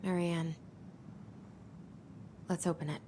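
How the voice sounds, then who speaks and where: An actress playing a twin sister in a video game, talking in a calm, conversational way. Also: female voice, on the low side, slow, slight background noise.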